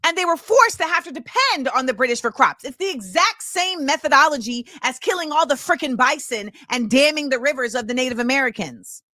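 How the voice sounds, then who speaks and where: Lively, bright-voiced woman host. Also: high-pitched, a little fast, few pauses, no room sound, clean studio sound. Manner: emphatic, repeats key phrases for weight; opinionated and impassioned. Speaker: show host. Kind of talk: film commentary monologue.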